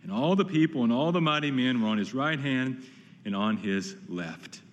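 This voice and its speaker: A man's voice: medium pitch, lively intonation, moderate pace, in a large hall, dull audio. A pastor preaching an earnest, emphatic sermon, often repeating words as he builds a point.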